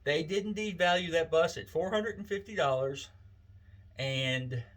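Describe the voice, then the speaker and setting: A man's voice: on the high side, unhurried, a bit bright, low-quality recording. A man, telling a wry, folksy story in a casual, chatty way. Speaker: vlogger.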